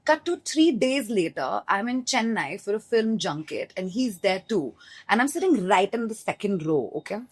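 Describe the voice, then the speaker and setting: A woman's voice: medium pitch, sing-song, moderate pace, slightly rough. A young woman, interviewing in a casual chat and telling stories animatedly, acting out her own reactions.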